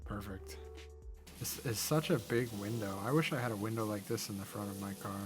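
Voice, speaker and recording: This young gaming-channel host has a fairly low voice and talks a little fast. With game music playing beneath him, he rambles cheerfully through casual let's-play commentary, chatty and quick to find things funny.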